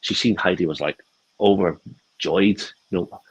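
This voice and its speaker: A man's voice: low-pitched, a little slow, lo-fi sound, slight background noise. A man telling a long rambling anecdote in casual chat over a video call, with many restarts. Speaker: co-host.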